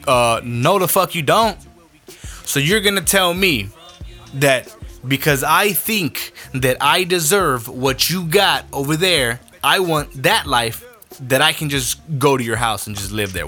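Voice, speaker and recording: A man's voice: fairly high pitch, expressive, normal speed, bright, forceful tone, faint music behind. A young adult man hosting a podcast, ranting his opinions bluntly with heavy profanity. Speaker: podcast host.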